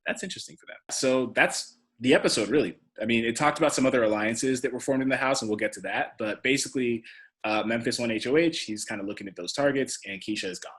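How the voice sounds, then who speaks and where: A man co-hosting a podcast, chatting casually in a relaxed, conversational way. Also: medium pitch, quick pace. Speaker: podcast co-host. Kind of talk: casual recap chat.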